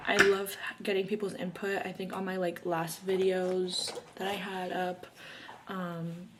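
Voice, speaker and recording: A woman's voice: fairly low pitch, flat delivery, unhurried, background noise. Chatty young woman, like-filled talk. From Arizona, USA. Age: early 20s. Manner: chatty and bubbly, heavy use of "like" fillers. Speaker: YouTuber. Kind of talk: casual get-to-know-me chat while doing makeup.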